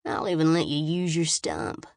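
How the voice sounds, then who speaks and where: A crude male soldier guard, as a woman puts him on, taunts in a lazy, mocking drawl, his voice sitting a little low. It comes across dry and close, with no room around it. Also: normal speed, creaky, a little mellow, no room sound. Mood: leering.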